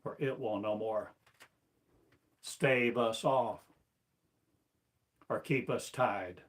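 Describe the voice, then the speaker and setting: A man preaching a sermon as a spiritual teacher, slow and declamatory, firing off one rhetorical question after another. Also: fairly low pitch. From United States.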